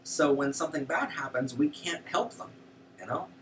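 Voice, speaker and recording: A man's voice: fairly high pitch, normal speed, recorded from a distance, a little hiss or hum. A man hosting a show, giving casual, indignant political commentary with lots of fillers. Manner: animated, indignant, frequent fillers. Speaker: show host.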